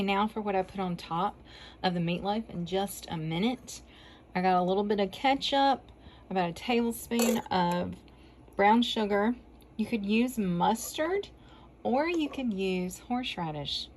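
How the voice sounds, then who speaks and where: A woman's voice: mid-range voice, a little hiss or hum. A middle-aged woman, chatting folksily and joking at herself as she cooks in her home kitchen. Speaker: vlog host cooking. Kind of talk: casual cooking vlog chat.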